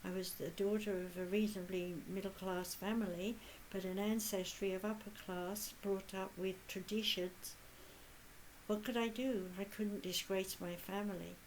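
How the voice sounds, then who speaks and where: Earnest elderly woman medium, measured pace. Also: medium pitch, steady tone, darkish tone, slight background noise, rough recording. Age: 80s. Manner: measured and earnest, with long pauses. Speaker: spiritual medium. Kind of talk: channeled spiritual talk.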